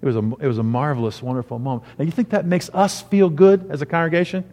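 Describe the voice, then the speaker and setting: A man's voice: on the high side, fairly even intonation, fast talker, mellow. A man preaching a sermon as pastor, telling a personal story and rising into emphatic preaching. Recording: long hall reverb.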